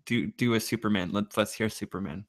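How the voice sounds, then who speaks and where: A man's voice: fairly low pitch, brisk. A young man co-hosting a podcast, chatting in a rambling, casual way. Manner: chatty, rambling, laughs often. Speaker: podcast co-host.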